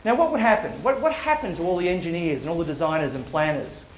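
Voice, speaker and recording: Aussie guy doing a joking talk on stage, lots of quick questions to the crowd, echoey lecture hall, faint hiss. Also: on the high side. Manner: playful, rapid rhetorical questions, joking asides. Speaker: public speaker. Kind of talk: live lecture to an audience. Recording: roomy hall echo.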